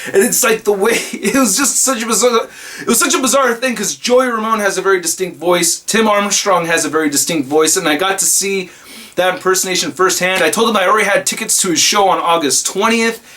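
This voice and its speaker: A man who reviews toys online, excitedly telling a rambling story in a casual vlog. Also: high voice, a little fast. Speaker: toy reviewer and YouTuber.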